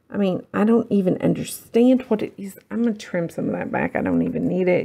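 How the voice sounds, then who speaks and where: A woman's voice: fairly low pitch, animated, fairly quick, vocal fry, few pauses, warm tone. A woman hosting a casual crafting tutorial, rambling and self-deprecating as she works. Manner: rambling, self-deprecating, talks while working.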